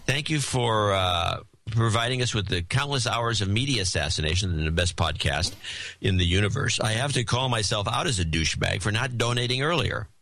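Bright-voiced man reading donor letters. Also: lowish voice, lively intonation, brisk, dry recording. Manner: reads letters in put-on voices, jokey. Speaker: podcast co-host reading donor notes. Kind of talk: casual banter, reading letters aloud.

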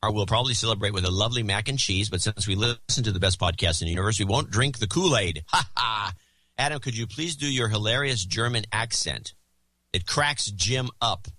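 Low-voiced guy co-hosting a podcast, sharp tone, dry matter-of-fact banter. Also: brisk, dry recording. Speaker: podcast co-host. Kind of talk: casual banter reading donor credits.

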